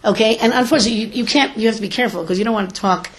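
A woman teacher speaking to an audience of parents, lively and storytelling, often acting out what people say. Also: a little high, very fast, slight background noise. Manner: animated, tells stories and acts out quotes. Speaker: teacher and school educator giving a talk. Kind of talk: lecture to parents with stories.

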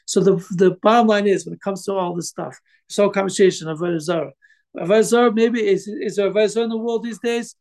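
A man with a high voice that is full of gravelly fry gives an informal religious class. He tells his story haltingly, stumbling over restarts and filling pauses with "um" and "like.". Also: a little mellow. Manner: halting, many fillers and restarts. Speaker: Torah teacher telling a story.

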